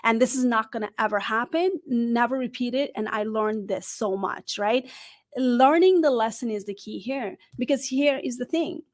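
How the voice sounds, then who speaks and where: Energetic woman coaching on job interviews. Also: on the high side, normal speed. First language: not English. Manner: animated, asks the audience questions, often adds "right?". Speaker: career coach. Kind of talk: live-streamed interview advice talk.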